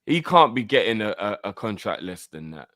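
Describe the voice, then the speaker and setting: A man's voice: on the low side, very animated, moderate pace, a crowd in the background. A man co-hosting a fan channel, arguing about player wages in casual chat. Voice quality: argumentative, checking facts.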